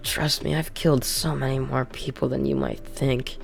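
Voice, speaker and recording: A woman voicing a teenage boy ghoul who talks casually and threatens people calmly. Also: extremely low pitch, moderate pace, creaky, soft background music, full character voice. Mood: menacing. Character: teen boy ghoul, calm and coldly menacing.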